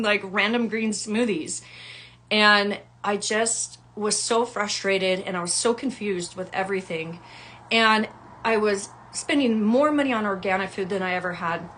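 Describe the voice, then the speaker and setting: A woman and wellness coach telling her own story in a casual, animated way, acting out the people she quotes with big jumps in her voice. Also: medium pitch. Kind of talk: personal storytelling to camera.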